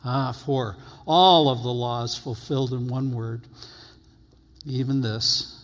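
A man preaching a sermon, reading scripture aloud and stressing his phrases slowly and emphatically. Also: mid-range voice, fairly even intonation. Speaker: pastor. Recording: long hall reverb.

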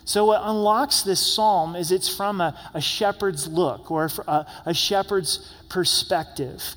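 A man's voice: sits high, a little slow, fairly bright tone, in a large hall. A man in his young adult years preaching an earnest, conversational sermon at a church service, often repeating words as he speaks. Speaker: pastor.

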